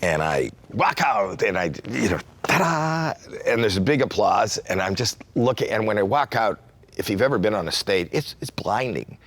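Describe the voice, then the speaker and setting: A man in his sixties from Canada, a comedian telling a story in an interview and acting out quotes with sudden jumps in pitch. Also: lively intonation, normal speed, a bit bright, no echo. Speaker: comedian guest.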